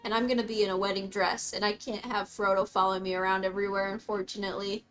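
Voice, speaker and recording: A young woman streaming a game, chatting casually with her viewers in a bubbly, excitable way, often breaking off to talk to her dog. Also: mid-range voice, quick pace, soft background music. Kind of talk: casual live-stream chat reading comments. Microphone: desk mic, dog close by.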